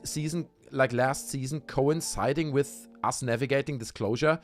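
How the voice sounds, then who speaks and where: A man's voice: fairly high pitch, normal speed, few pauses, faint music behind. A man hosting a livestream, ranting heatedly with lots of swearing and talking straight to his chat while drinking. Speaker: livestream host. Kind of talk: casual livestream rant.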